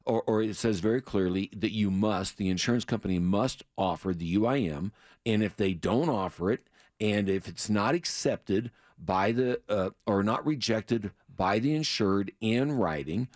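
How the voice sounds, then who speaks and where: Deep-voiced male radio co-host explaining. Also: darkish tone, no echo, clean studio sound. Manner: explanatory, halting with restarts. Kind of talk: radio call-in show talk.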